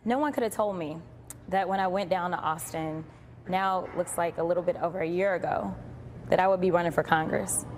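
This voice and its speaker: A woman politician giving an earnest, measured public speech. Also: on the low side, a little hiss or hum.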